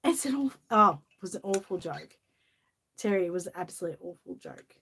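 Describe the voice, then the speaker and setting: A woman's voice: on the low side, very animated, a little fast, fairly bright tone, slight background noise. A woman with an Australian accent, chatting casually with lots of laughter and reading a children's picture book aloud. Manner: giggly, chatty, often laughing. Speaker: channel host. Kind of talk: casual chat and storybook reading.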